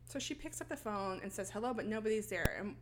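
A woman podcast host casually recapping a film, telling the story in an animated, profane way. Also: medium pitch, quick pace. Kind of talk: casual chat.

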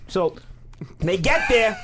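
A man, telling a profane, animated story as podcast co-host and acting out quotes. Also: high voice, slow, soft background music. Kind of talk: casual storytelling.

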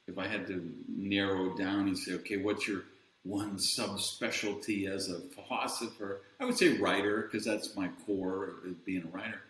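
A man speaking as an interview guest, candid and self-deprecating, mocking other voices now and then. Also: on the low side. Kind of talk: casual interview chat. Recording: roomy echo.

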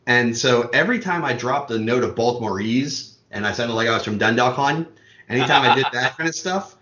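A man from Maryland telling long stories in a casual chat, full of quick asides. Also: mid-range voice, lively intonation, bright, forceful tone. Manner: rambling storyteller, quick asides. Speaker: podcast co-host. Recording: roomy, dull lo-fi sound.

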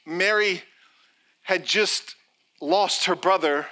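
Animated middle-aged preacher guy, high voice, tells stories and plays the parts. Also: slow pace. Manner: animated storytelling preacher, acts out quotes. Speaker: pastor. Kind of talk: sermon.

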